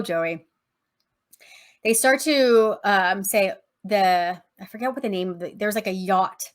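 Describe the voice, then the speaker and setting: A woman business coach teaching casually, retelling a story in a rambling, chatty way. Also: medium pitch.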